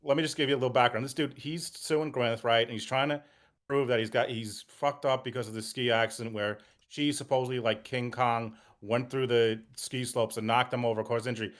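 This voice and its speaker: A man guesting on a casual commentary stream, explaining a case in an excitable, rambling, profane way. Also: medium pitch, brisk.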